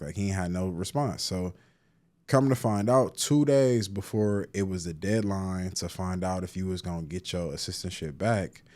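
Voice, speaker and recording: A man's voice: deep voice, dark tone. A man in his thirties from Cleveland, a therapist telling stories in a casual interview, slangy, with many restarts and filler words. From Cleveland, Ohio. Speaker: guest, therapist and poet.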